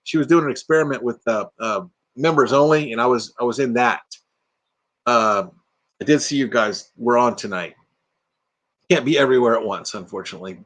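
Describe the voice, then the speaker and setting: This livestream host is a retired man, middle-aged or older, chatting from his RV as he reads viewer comments aloud and kids around. His medium-pitched voice moves fairly quickly with a fairly bright tone.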